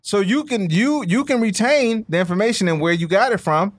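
A man's voice: high voice, a little fast. A man in a casual podcast debate, insisting on his point, repeating phrases and stammering as he argues.

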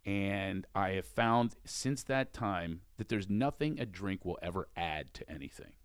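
A man's voice: sits low, expressive, a little slow, smooth. A man hosting a talk show, chatting in an earnest, reflective and encouraging way with his guest. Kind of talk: casual interview chat.

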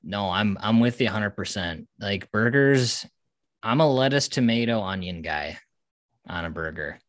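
A young man co-hosting a podcast, chatting casually in a relaxed, wry way. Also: on the low side, moderate pace, no echo, studio quality. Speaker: podcast co-host. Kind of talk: casual chat.

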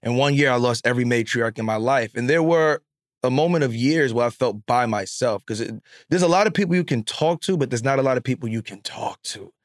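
A man's voice: medium pitch, a little fast, no echo, studio quality. A man hosting an interview, speaking openly about his own life before he asks a question. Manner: open and personal, shares his own loss. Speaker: interview host. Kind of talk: casual interview chat.

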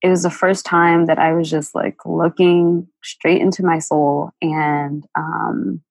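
A woman guest telling a painful personal story, halting and emotional, with many fillers and restarts. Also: low voice, flat delivery, gravelly, no echo, rough recording. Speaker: interview guest.

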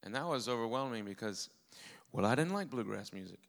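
A man's voice: mid-range voice, lively intonation, fairly quick, creaky. A man preaching a testimony sermon, telling his story in an earnest way with a dry, self-mocking humor.

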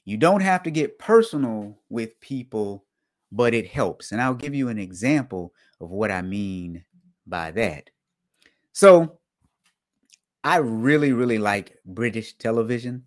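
A man hosting a casual live talk show for auditors, dry in his humor, repeating his points and jumping up in pitch and volume to stress them. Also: a little slow. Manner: animated, jumps up in pitch and volume for emphasis. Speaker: host of an online show for auditors.

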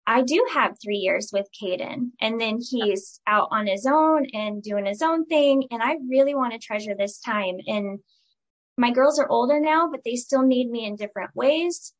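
A woman in her forties, a guest on a casual podcast interview, talking earnestly and emotionally with halting restarts. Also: fairly high pitch, expressive, poor audio. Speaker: guest, virtual assistant.

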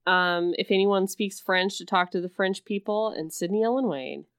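A woman's voice: medium pitch, moderate pace, clear, resonant tone, no echo, studio quality. A woman co-hosting a casual chat, gushing over a film scene, laughing often and swearing casually. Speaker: podcast co-host. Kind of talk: casual movie recap chat.

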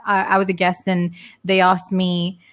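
A woman's voice: on the low side, completely flat delivery, normal speed. A woman raised in the United Kingdom, a podcast guest speaking openly and reflectively. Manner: reflective, open. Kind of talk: casual podcast chat.

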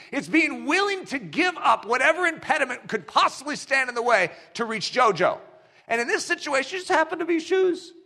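A male preacher delivers a sermon in a bright, fairly high voice. His pitch swings widely as he tells a story, and he acts out the dialogue himself.

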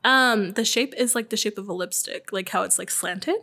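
A woman's voice: mid-range voice, moderate pace, pushed and bright. A woman nail tech telling stories on a podcast in a loose, chatty way, laughing often and swearing freely. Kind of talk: casual podcast storytelling.

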